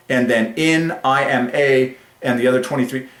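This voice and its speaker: A man delivers a solo religious monologue with rising excitement, slowing down to stretch out the phrases he wants to stress. His voice sits at an ordinary middle pitch. The recording carries a noticeable roomy echo. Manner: emphatic and excitable, drawing out key phrases slowly. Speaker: religious channel host.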